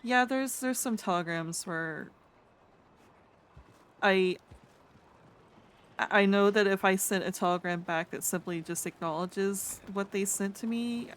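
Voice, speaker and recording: A woman streamer roleplaying a chatty artist in a game, friendly and quick to laugh. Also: mid-range voice. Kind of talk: in-character roleplay chat.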